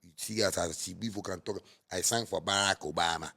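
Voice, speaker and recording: A man with a Ghanaian Pidgin English accent delivering a heated, scolding monologue that repeats and mocks, bursting into sudden loud outbursts. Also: deep voice, brisk, creaky, slightly rough. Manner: repetitive and mocking. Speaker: musician. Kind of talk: ranting monologue.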